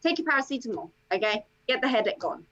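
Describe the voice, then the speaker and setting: A woman's voice: on the high side, fast. Emphatic woman coach on a dull call. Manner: animated, emphatic, uses lots of "okay" and "like". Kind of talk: interview guest.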